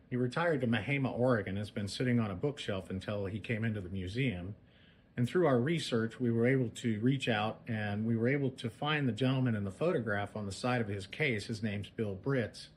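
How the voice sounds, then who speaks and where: Animated museum guide man. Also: mid-range voice, reverberant, a little hiss or hum, poor audio. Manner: lively, animated storyteller. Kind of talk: museum tour talk. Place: museum gallery.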